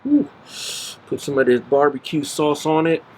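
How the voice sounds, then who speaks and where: A man's voice: on the high side, expressive, moderate pace, darkish tone, slight background noise. A man from Central Florida hosting his own barbecue channel, talking casually and enthusiastically while he cooks at the grill. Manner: easygoing, enthusiastic, exclaims often. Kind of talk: casual cooking vlog.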